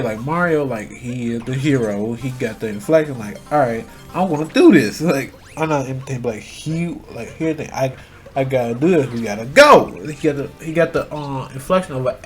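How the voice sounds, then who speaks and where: A man in a casual, rambling rant, full of fillers and restarts, swearing freely and growing heated. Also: medium pitch. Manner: grows loud and heated. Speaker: channel host. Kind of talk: casual rant about voice acting.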